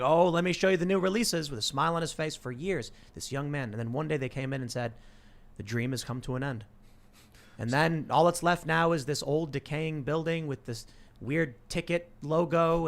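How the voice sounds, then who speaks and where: Bright-voiced man hosting a talk show. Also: a little high, gravelly. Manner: animated, repeats words when cutting in. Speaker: podcast host. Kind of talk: casual chat and comic storytelling.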